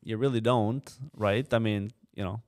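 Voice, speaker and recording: Animated storytelling man, lots of "you know". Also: fairly low pitch, moderate pace. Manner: animated storyteller, acts out quoted voices, many fillers like "you know". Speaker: trucking company co-owner, podcast guest. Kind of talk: casual storytelling in a podcast interview.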